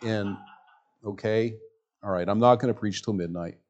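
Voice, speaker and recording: A man preaching a sermon as pastor in a church, reading scripture slowly and swinging from loud emphasis to near-hushed speech. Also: lowish voice, lo-fi sound. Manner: reads scripture slowly and deliberately. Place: church sanctuary with a sound system.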